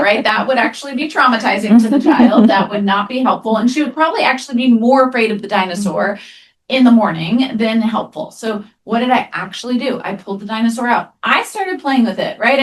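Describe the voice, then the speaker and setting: Animated woman clinician telling stories. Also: on the high side. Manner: animated storyteller, frequent "right?" tag questions. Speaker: therapist and webinar presenter. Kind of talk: conversational webinar talk.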